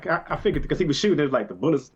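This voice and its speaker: A man's voice: a little high, sing-song, racing, a little mellow, breathy edge, highs cut off. A man co-hosting a podcast, chatting casually and chuckling at himself. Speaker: podcast co-host.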